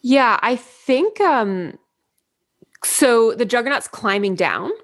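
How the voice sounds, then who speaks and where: A woman playing a tabletop game, hesitantly thinking her plan out loud. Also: fairly high pitch, animated, slow. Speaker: player.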